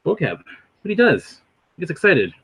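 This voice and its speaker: A man's voice: fairly high pitch, normal speed, vocal fry, slightly rough. A man chatting casually on a livestream, rambling and hopping from one thing to the next. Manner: rambling, animated, jumps between topics. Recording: dull lo-fi recording.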